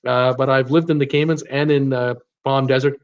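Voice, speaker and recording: Sitting at a computer in a room at home, a man from Canada runs a casual live stream for his cruise channel, reading the chat and responding with lots of laughs. His speech is chatty, with many fillers and restarts, and carries a slight Canadian accent. He speaks at a moderate pace and medium pitch with fairly even intonation, over dull audio.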